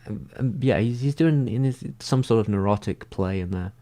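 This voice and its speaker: A man in a casual livestream, answering viewer comments and thinking out loud, filling his talk with "like" and frequent restarts. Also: fairly low pitch, moderate pace. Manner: rambling, heavy use of "like".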